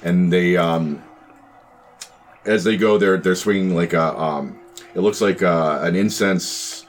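Very deep-voiced man running a tabletop game. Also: fairly even intonation, slow pace, slight background noise. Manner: rambling narration, many ums and restarts. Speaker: game master.

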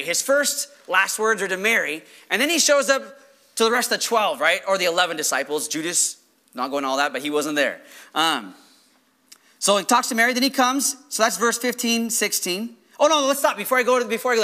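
A man preaching a sermon as pastor, animated, firing rhetorical questions and acting out quoted voices. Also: high-pitched.

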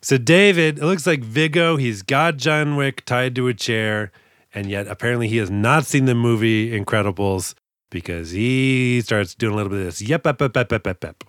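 Casting note: male podcast co-host, casual and chatty, quick to laugh, mid-pitched, dry close sound. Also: a bit bright, no room sound. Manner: chatty, laughs often, trails into asides. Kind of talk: casual movie discussion.

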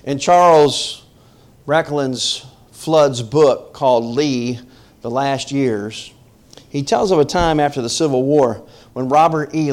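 A middle-aged man from the northern United States, a pastor, preaches a conversational sermon in a medium-pitched, slightly mellow voice. His manner is emphatic, and he regularly questions the congregation directly.

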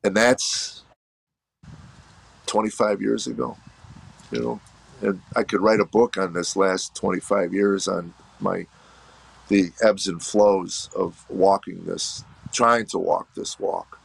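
Gravelly low-voiced middle-aged man. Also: steady tone. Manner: earnest, reflective, halting with restarts. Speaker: comedian guest. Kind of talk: candid personal storytelling.

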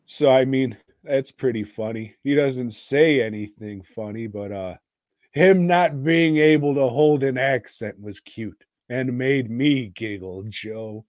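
A man's voice: medium pitch, slow, darkish tone, no room sound, studio quality. A man co-hosting a podcast in casual chat, rambling and teasing with crude language. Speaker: podcast co-host.

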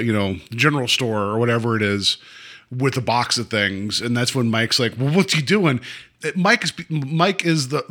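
This man's voice sits at a medium pitch with a sharp tone. Co-hosting a podcast, he chats casually while recapping a TV episode, laughing often and leaning on plenty of fillers.

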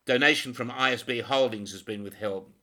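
A man's voice: mid-range voice, a little fast, bright, forceful tone, pitched above the performer's own voice, close to an everyday voice. A man voicing a pompous male church president who speaks formally and turns threatening. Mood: sombre.

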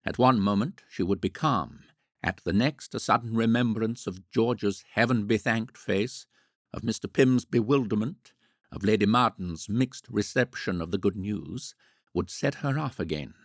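Low, gravelly male storybook narrator. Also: unhurried, no echo, clean studio sound. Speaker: audiobook narrator. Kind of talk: scripted narration.

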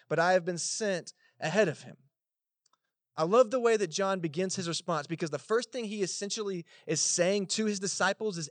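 A Texan man preaching a Sunday sermon in a loose, chatty way, talking straight to the congregation with little asides. His voice sits a bit high for a man, and the sound is close and dry, with almost no room echo. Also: expressive, moderate pace. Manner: casual conversational preaching with asides. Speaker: pastor. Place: church service in a cinema auditorium.

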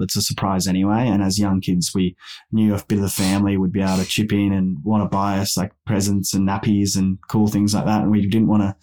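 A man, a guest on a parenting podcast, telling stories casually and acting out the people he quotes. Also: fairly low pitch. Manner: animated, acts out quoted people in raised voices. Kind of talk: casual storytelling.

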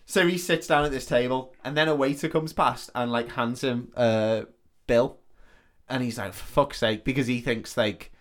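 A man's voice: medium pitch, fairly even intonation, moderate pace, a bit bright. A man co-hosting a podcast, telling a film's plot in casual, sweary storytelling and acting out the characters. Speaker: podcast co-host. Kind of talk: casual comedic film recap.

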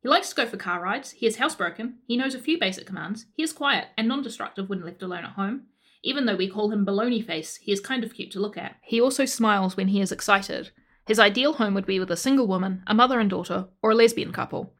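A woman's voice: medium pitch, fast talker, a bit bright. A woman reading out a comic adoption listing in a dry, sardonic manner. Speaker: reader of a pet adoption listing.

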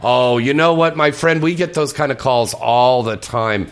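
A man's voice: mid-range voice, a little slow, clear, resonant tone. A man hosting a casual radio chat, playful and teasing with his guests. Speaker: radio host.

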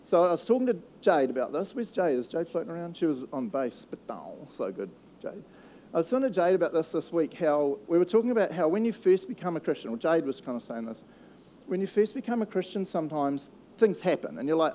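A jokey man preaches a laid-back sermon, slipping into quick voices for the people in the story. His voice sits a little high but sounds mellow and soft-edged. A faint room ambience hangs behind him. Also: expressive, slight background noise. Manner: playful, jokey, acts out quoted voices. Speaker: pastor. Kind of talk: casual sermon.

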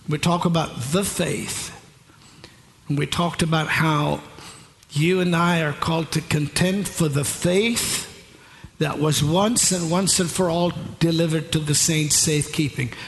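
A man preaching a sermon with emphatic repetition, now and then rising into shouted refrains. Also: a little high, vocal fry, a little hiss or hum. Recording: long hall reverb, faint ambience.

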